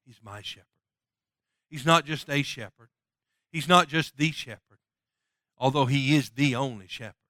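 A man preaching a sermon who swings from loud, ringing passages to soft, hushed appeals and quotes scripture in old-fashioned wording. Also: mid-range voice, moderate pace, pauses often, dry recording, studio quality. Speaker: pastor.

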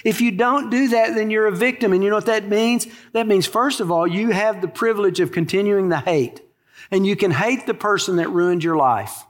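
A man's voice: high-pitched, normal speed, big-room sound. A man preaching a sermon as a pastor, earnest and emphatic, repeating key phrases for weight.

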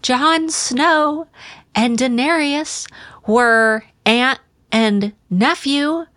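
A woman's voice: sits high, extremely slow. An American woman co-hosting a casual book podcast, playful and teasing. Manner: playful, teasing, animated when retelling. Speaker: podcast co-host. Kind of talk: casual book discussion chat.

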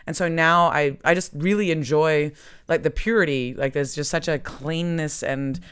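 A man in casual chat, animated and playful, with frequent laughs and a self-mocking tone. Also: fairly high pitch, moderate pace, clean tone.

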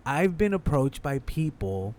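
A man's voice: a little high, sing-song, a little slow, darkish tone. A male stand-up comedian in a casual chat, talking loosely and profanely with many restarts.

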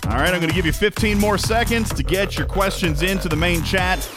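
A man's voice: sits high, brisk, music in the background. A man hosting a casual livestream, joking, laughing often and announcing segments in a sing-song way. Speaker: livestream host.

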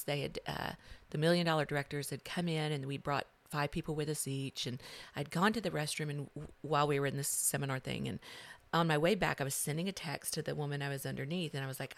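A middle-aged woman with a notably low voice tells her story as a podcast guest. She swings between loud bursts and hushed passages. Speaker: guest, author.

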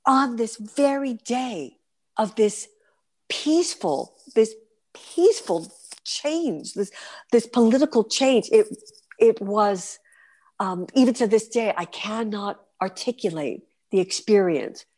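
A woman's voice: fairly high pitch, slow. A woman in her fifties from New York with a New York accent, a guest performer telling vivid stories in a podcast interview. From New York City. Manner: animated, vivid storyteller.

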